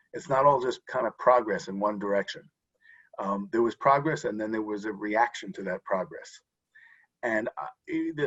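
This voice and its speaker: A man's voice: fairly low pitch, fairly bright tone, breathy edge, lo-fi sound. A man speaking as a guest expert in an interview, explaining earnestly with frequent restarts over a video call. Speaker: guest expert on voting rights. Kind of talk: interview answer.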